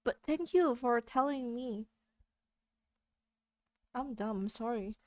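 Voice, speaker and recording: A woman's voice: on the high side, takes it slowly, no echo. Giggly Indonesian woman streamer. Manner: giggly and apologetic. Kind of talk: casual live-stream chat.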